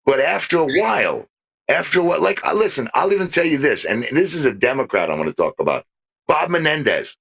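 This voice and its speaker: A man's voice: a little high, fast talker, gravelly, breathy edge. An older man co-hosting a podcast, chatting casually about politics and telling long stories in which he acts out the other voices. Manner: animated storyteller, acts out quoted voices. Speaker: podcast co-host.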